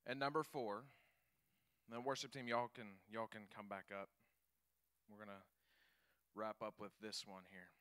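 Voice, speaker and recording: A man preaching a sermon, telling stories with animated enthusiasm. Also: fairly low pitch, moderate pace, pauses often, clean tone. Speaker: pastor.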